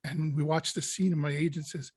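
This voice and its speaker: A male actor in an interview, telling a lively anecdote and acting out his own panic. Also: fairly high pitch, fairly quick, breathy edge, dry recording. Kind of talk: casual storytelling interview.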